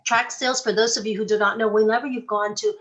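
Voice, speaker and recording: A woman's voice: on the high side, fairly even intonation, fast, a bit bright, lo-fi sound. Chatty woman real estate trainer. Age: middle-aged. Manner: conversational, folksy, tells anecdotes. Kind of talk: live training class.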